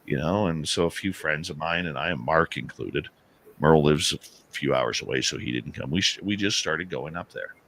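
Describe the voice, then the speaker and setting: A man, a paranormal radio host, telling an animated story as an interview guest and acting out the dialogue. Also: a bass voice, moderate pace, vocal fry, a little hiss or hum. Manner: animated storyteller who acts out quoted dialogue.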